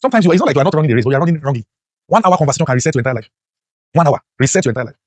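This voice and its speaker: His voice sits on the high side with a darkish tone, racing along with lively intonation and no echo. As a motivational teacher lecturing a class, he's preachy and full of rhetorical questions, his voice leaping up sharply whenever he emphasizes something.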